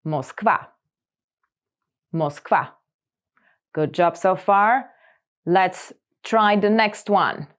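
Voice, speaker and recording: A woman hosting a scripted vocabulary lesson, repeating each word slowly and clearly for learners. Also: mid-range voice. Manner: slow, clear repetition of words for learners. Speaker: language lesson host.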